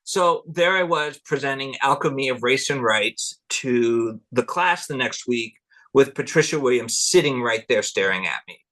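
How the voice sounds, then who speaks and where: Bright-voiced man telling stories with laughs. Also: mid-range voice, a little slow. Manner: rambling, laughs often, quotes people in animated voices. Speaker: guest, cultural anthropologist. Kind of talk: relaxed interview storytelling.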